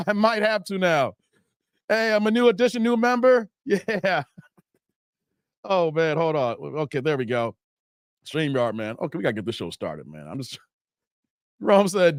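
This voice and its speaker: A man's voice: sits high, big pitch swings, normal speed, long pauses, no room sound, clean studio sound. A man hosting a live stream, joking and laughing while reading chat aloud. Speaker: livestream host.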